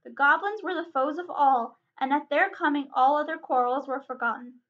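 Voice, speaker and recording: A woman librarian reading a chapter book aloud in an expressive, dramatic way. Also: high-pitched, moderate pace. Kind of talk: storybook read-aloud. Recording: dull lo-fi recording.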